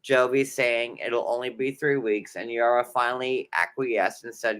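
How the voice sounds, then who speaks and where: A man's voice: medium pitch, fairly even intonation, measured pace, a bit bright, smooth. A man with a New York accent, co-hosting a casual recap chat, rambling with fillers and jokey asides. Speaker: podcast co-host.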